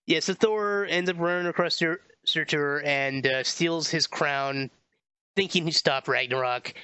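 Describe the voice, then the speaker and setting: A man with a bright, fairly high voice talks through a movie plot in a loose, rambling podcast chat. The recording is dry and a little dull, like a lo-fi home setup. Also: unhurried, clean tone, dry recording. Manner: rambling, stumbles over names, laughs often. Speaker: podcast co-host. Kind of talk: casual movie review chat.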